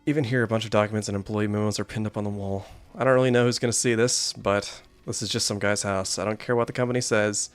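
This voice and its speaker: Guy streaming a game, lowish voice, dry mic, faint music behind. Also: steady tone, fast talker, few pauses, no room sound. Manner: joking, reads chat aloud. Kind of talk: gameplay commentary and story reading.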